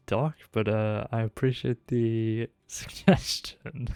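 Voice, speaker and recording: A man's voice: fairly low pitch, drawn-out words, pauses often, smooth, no echo, studio quality, faint music behind. A man streaming a role-play game, chatting casually and laughing often as he jokes with another player. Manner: laughs often, relaxed and joking.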